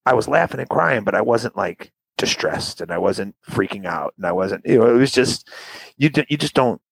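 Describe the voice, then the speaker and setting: Casual guest, young man, low husky gravelly voice, very lively, dry sound. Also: moderate pace, no echo, low-quality recording. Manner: animated, acts out quotes with big jumps in pitch. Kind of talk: casual storytelling chat. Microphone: remote call audio.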